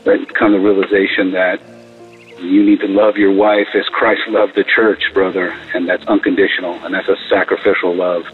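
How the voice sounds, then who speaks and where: A man's voice: low-pitched, flat delivery, moderate pace, husky. A man from California, leaving an earnest, brotherly voicemail of encouragement. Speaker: caller. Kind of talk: recorded voicemail to a podcast. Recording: tinny phone line with faint music.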